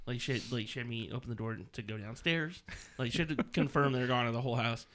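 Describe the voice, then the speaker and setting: A father chatting casually about his toddler, talking in a halting way full of fillers. His tone is bright and sharp at a middling pitch. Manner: hesitant, filler-heavy storyteller. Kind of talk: casual chat.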